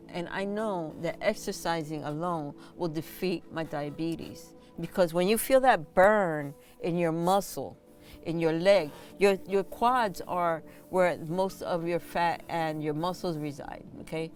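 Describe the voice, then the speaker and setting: Lower-voiced woman giving blunt encouragement. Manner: encouraging, blunt, with casual swearing. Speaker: host and massage therapist. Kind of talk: casual spiritual advice talk. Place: indoors, on a squeaky chair.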